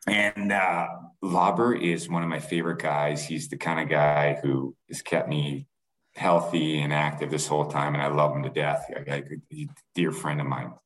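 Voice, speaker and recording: A middle-aged man from Canada, a former athlete, telling a rambling, animated story on a podcast. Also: extremely low pitch, moderate pace, rough recording. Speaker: former pro lacrosse player, guest.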